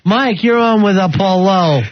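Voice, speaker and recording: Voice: mid-range voice, normal speed. A radio talk show host who trades wisecracks and puts callers on the air. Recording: dull lo-fi radio broadcast.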